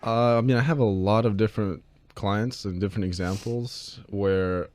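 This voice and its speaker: A male personal trainer is interviewed as a guest, talking in a casual, easygoing way. His voice sits on the low side, and he often ends his points with "right?". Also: fairly even intonation, moderate pace, darkish tone, no echo, clean studio sound. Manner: casual, laughs easily, says "right?" often. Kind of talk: interview conversation.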